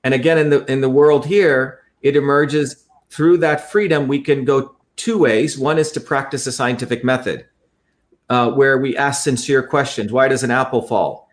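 A man's voice: mid-range voice, moderate pace. A man talking in an interview, explaining at length in an earnest, lecturing way and often repeating his phrases. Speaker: guest.

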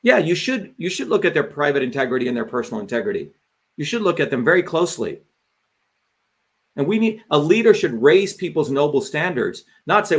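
A man with a somewhat high voice rants on a livestream. He talks as a political candidate and host, and his delivery is fiery, forceful and full of swearing. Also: very animated, a little fast. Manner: fiery, profane ranting delivery.

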